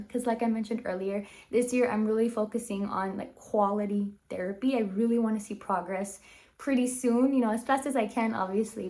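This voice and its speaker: A woman's voice: mid-range voice, darkish tone. A young woman working as a speech therapy assistant, talking casually with lots of fillers and coaching children in an encouraging way. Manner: chatty, fillers like 'like' and 'you know'. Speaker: speech-language pathology assistant. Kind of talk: casual vlog chat.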